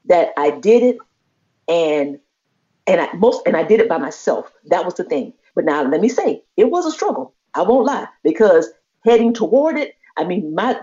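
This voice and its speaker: A woman, casually telling a personal story on a podcast and acting out the voices of the people in it. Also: medium pitch. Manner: animated, acts out quoted voices. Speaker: podcast co-host. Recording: slightly muffled lo-fi audio.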